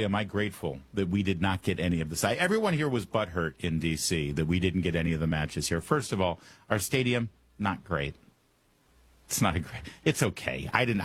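A male talk radio host runs through a monologue, teasing and joking as he goes. His voice sits low with a husky edge. The booth sounds dry and close. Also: dry recording. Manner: wry, joking, animated asides. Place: Washington, D.C. studio.

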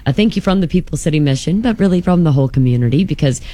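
A chatty female radio co-host with a notably low voice, sharing community news with plenty of fillers. The sound is dry and close on a studio mic. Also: lively intonation, very fast, warm tone, dry recording. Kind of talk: morning radio banter.

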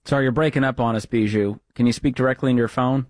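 A man's voice: mid-range voice, steady tone, fast, no echo. Guy hosting call-in radio, direct, reassuring, dry close mic. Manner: direct, reassuring, recaps the story. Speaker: radio talk show host. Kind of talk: advice talk radio.

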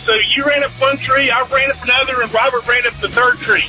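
A man's voice: very high-pitched, fairly even intonation, fairly quick, hardly any pauses, pushed and bright, faint music behind, rough recording. A man calling into a radio show and telling a rambling folksy story. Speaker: caller. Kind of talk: storytelling on a call-in line.

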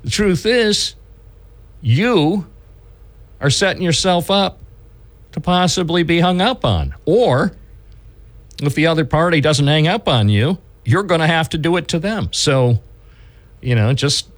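A man's voice: fairly high pitch, expressive, unhurried, pauses often. A man hosting a radio talk show, rambling along and restarting his sentences as he chats with a caller. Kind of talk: casual radio chat.

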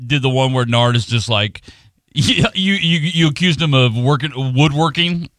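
A man's voice: on the high side, normal speed, a bit bright, dry recording, studio quality. A man on a radio show, talking in loose, slangy banter full of "like"s and fillers. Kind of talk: casual banter.

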